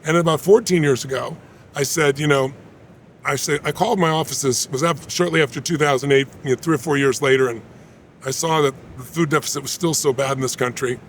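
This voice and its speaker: Interview guest, man in his 60s: gravelly, rapid-fire, emphatic storyteller. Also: medium pitch, a little hiss or hum.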